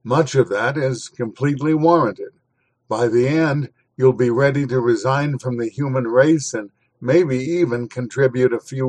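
A man's voice: medium pitch, poor audio. Dry, sardonic male podcast host. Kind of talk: reading a historical essay aloud.

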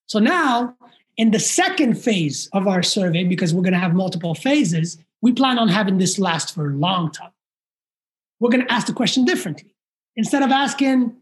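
A man speaking as a podcast guest and community activist, telling a story in an emphatic, energetic way and acting out quotes. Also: very high voice, moderate pace. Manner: emphatic, energetic, quotes others in lively asides. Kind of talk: animated conversational storytelling.

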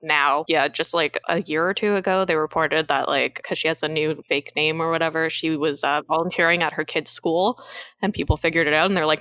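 Bright-voiced Canadian woman chatting films. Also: deep voice, fairly quick, no room sound. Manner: laughs often, animated retelling. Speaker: podcast co-host. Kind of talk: casual movie chat.

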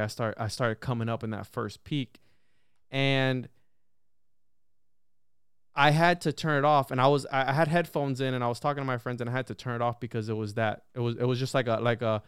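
A young man telling a long story in a casual podcast chat, animated and full of swearing and restarts. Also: mid-range voice, clean tone, no room sound, clean studio sound. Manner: animated, heavy swearing, quick repeated restarts. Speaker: podcast guest.

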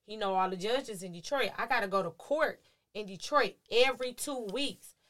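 Bright-voiced woman telling a story. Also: medium pitch, moderate pace. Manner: animated, profane, acts out quotes. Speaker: guest telling her story. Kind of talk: casual storytelling on a live stream.

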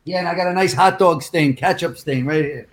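Casting note: male guest, slightly high voice, excitable and profane storyteller. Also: a little fast. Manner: excitable, swears freely. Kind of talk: casual storytelling chat.

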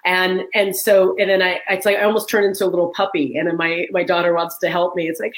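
A woman in her forties, a guest author in a conversational interview, telling animated stories and acting out what people said. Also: on the low side, fast talker, hardly any pauses, low-quality recording. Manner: animated storytelling, acts out quoted voices. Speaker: guest author and leadership trainer.

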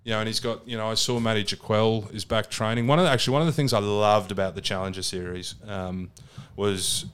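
A man's voice: on the low side, steady tone, a little fast, fairly bright tone, clear, resonant tone. An Australian man co-hosting a podcast, chatting about rugby in a blunt, sweary, enthusiastic way. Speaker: podcast co-host. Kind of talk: casual rugby chat.

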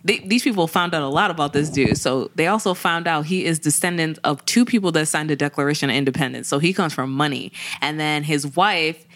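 A woman's voice: low-pitched, fairly quick, hardly any pauses, a little hiss or hum. A woman co-hosting a podcast, telling a news story in casual chat, acting out the people she quotes. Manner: animated storytelling, acts out quoted voices. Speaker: podcast co-host.

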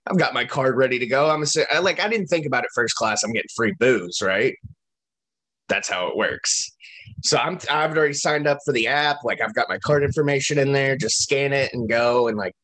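A man's voice: mid-range voice, a little fast. A man co-hosting a podcast, telling a long travel story in casual, profane chat. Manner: profane, animated anecdote-telling. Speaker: podcast co-host.

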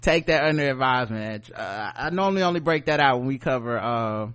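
A man with a Southern US accent, co-hosting a podcast in animated, joking casual chat. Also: mid-range voice, a little fast, clear, resonant tone. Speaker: podcast co-host.

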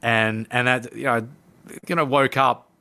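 A man, a podcast guest, telling a personal story in animated conversation and acting out his own past lines. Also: mid-range voice, measured pace, gravelly. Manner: lively narrator who acts out his own past lines. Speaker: podcast guest, coach and speaker.

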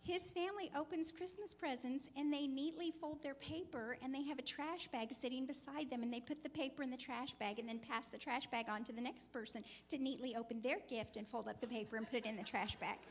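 A woman sharing a teasing, lively story in a sermon alongside her husband. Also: sits high, a little fast, few pauses.

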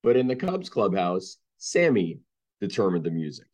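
Deep-voiced man telling sports anecdotes. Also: normal speed. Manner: deep-voiced, animated, acts out quoted people. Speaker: sportswriter guest. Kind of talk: anecdotal storytelling.

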